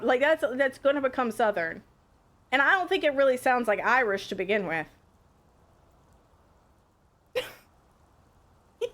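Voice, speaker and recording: A woman streaming a game, chatting casually, excitable and prone to swearing. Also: high-pitched, a little slow, long pauses. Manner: excitable, laughing, swears freely. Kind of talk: casual live game commentary.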